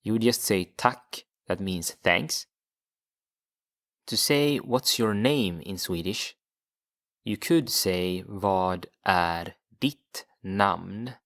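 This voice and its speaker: A male teacher talks learners through a video lesson at an unhurried, deliberate pace. His voice sits a little low, and he repeats each new word so it sinks in. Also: animated, fairly bright tone. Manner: patient, repeats words for learners. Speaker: language teacher. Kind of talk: slow explanatory video lesson.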